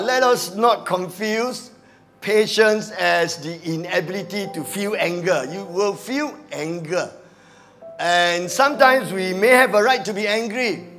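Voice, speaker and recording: A male pastor with a Malaysian English accent preaches in a high, unhurried voice. He is animated and slips into quiet muttered asides. Soft music plays faintly behind him. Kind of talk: sermon. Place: church.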